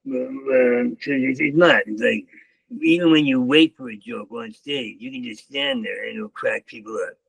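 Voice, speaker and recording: A man's voice: mid-range voice, normal speed, gravelly, fairly bright tone, husky, no echo, low-quality recording. An older man, a comedian, telling stories in an interview with heavy stammering and repeated words. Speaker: comedian guest. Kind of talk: storytelling interview.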